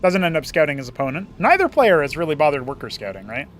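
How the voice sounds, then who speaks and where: Faint music plays behind this young man's slightly high voice, its pitch swooping wildly as he casts a strategy match by himself. The esports commentator keeps up a playful stream of chatter, quick side comments, and laughter at his own jokes.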